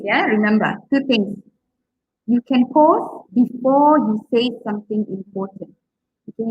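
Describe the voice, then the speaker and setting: A woman's voice: mid-range voice, slightly rough, dry recording, muffled recording. A woman lecturing on public speaking, who asks her class questions and pads her talk with "okay" and "right". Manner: encouraging, asks questions, many okays and fillers. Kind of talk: interactive online lecture.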